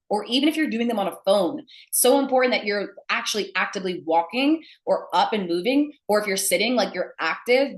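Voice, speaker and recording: A young adult woman teaching sales to camera in an emphatic, blunt manner. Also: fairly low pitch. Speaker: sales coach. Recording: echoey room.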